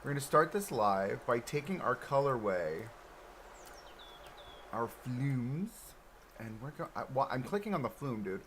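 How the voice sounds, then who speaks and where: A man hosts a relaxed gaming stream from home, close to a desk microphone in front of him, chatting in a self-deprecating, easygoing way and laughing often. His mid-range voice is sing-song and fairly bright, a little slow with frequent pauses. The audio is poor, with a little hiss or hum.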